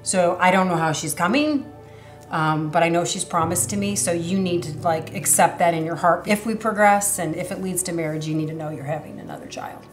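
A woman in her thirties shares her testimony in an earnest, emotional way, full of fillers and restarts. Her voice sits a little low. The room sounds echoey, with music playing clearly underneath. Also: a little fast. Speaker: church member sharing her testimony. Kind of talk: personal testimony interview.

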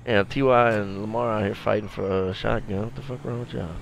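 A man's voice: fairly low pitch, steady tone, brisk, creaky, slight background noise. A man giving casual, slangy, laid-back commentary while playing a video game. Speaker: gameplay commentator.

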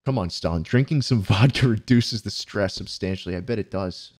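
A man giving profane, excitable let's-play commentary, often yelping and laughing. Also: on the low side, a little fast, noisy background. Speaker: gaming YouTuber.

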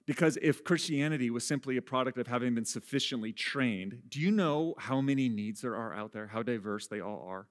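In a mid-range voice, a man preaches as a pastor, speaking briskly with few pauses. The sermon is conversational and self-deprecating, with frequent laughter at himself and swings from hushed, quiet lines to loud ones.

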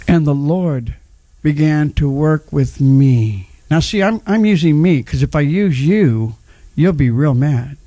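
A man's voice: on the high side, expressive, unhurried, few pauses, mellow, no room sound. A middle-aged man preaching a sermon as pastor, sharing his own testimony and calling on the congregation to respond. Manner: personal testimony, emphatic, calls on the congregation.

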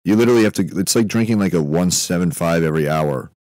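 Young man, very deep voice, deadpan rambling, self-interrupting, podcast host, dry close sound. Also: fast, no room sound. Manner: meandering, self-interrupting, deadpan musing with frequent fillers. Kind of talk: rambling comedic monologue.

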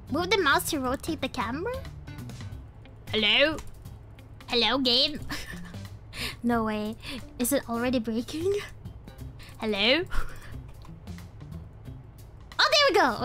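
A playful young woman giving live commentary on a cozy game, laughing often and dropping slang. Her voice is high and bright, and it leaps around a lot. Faint music plays underneath. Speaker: streamer.

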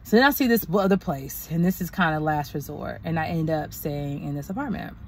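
A woman's voice: low-pitched, a little fast, a little hiss or hum. A young woman vlogging and telling a story in a casual, exasperated way, venting with slang. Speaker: doctoral student vlogger.

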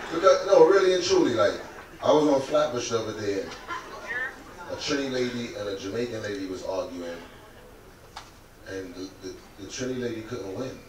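A male stand-up comedian telling a crude story loudly and with animation, live at an event on a cruise ship. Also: lowish voice, background noise. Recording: echoey room, far mic, loud crowd.

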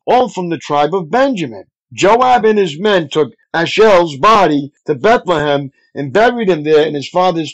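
A male pastor reads scripture aloud, phrase by phrase, at a measured pace. His voice is pitched high. The recording sounds dull and lo-fi. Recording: dull lo-fi audio.

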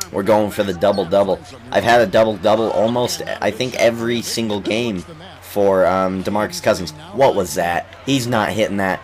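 Coughing young man gaming. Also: on the low side. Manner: excitable, trash-talking the game. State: coughing, recovering from illness. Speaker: gaming YouTuber. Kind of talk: casual let's-play commentary.

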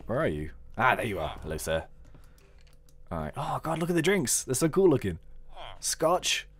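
A man hosting a game video, chatting excitedly and thinking aloud as he plays. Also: mid-range voice, brisk, breathy edge, dry recording. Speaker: gaming video host. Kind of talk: let's play commentary.

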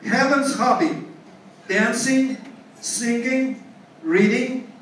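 Man, Russian accent, playful party host, high-pitched, very echoey banquet hall, distant mic. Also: extremely slow, fairly bright tone, slight background noise. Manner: jokey, playful, switches between English and Russian. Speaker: party MC running a trivia game. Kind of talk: party hosting, quiz questions to guests. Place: banquet room at a hotel party.

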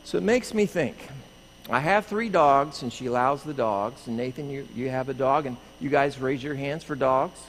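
A man's voice: mid-range voice, moderate pace. A middle-aged man, a pastor, telling a playful children's story in a church sanctuary and acting out screams as he goes. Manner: animated, playful storyteller who acts out screams. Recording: echoey hall with faint room noise.

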